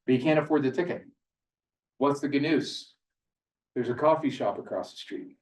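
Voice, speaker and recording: A man's voice: medium pitch, normal speed. Chatty man speaking in a roomy hall. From Canada. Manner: chatty storytelling full of "like", acting out both sides of conversations. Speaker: seminar speaker. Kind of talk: live seminar talk. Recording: roomy hall, mic at a distance.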